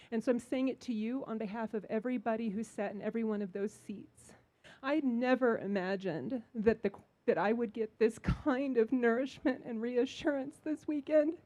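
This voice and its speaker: A woman's voice: on the high side, dark tone. A woman from the audience giving an emotional, earnest comment to a panel. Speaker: audience member and vendor. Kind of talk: heartfelt public comment.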